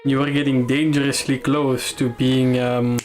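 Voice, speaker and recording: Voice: medium pitch, level tone, unhurried. A co-host chatting on a live stream while working on art, playful and teasing. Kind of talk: casual stream chat.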